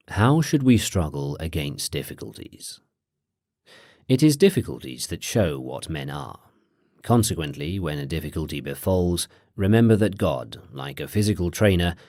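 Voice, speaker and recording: A man narrating an audiobook of philosophy in a measured, expressive reading style. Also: rumbling low, no room sound, clean studio sound.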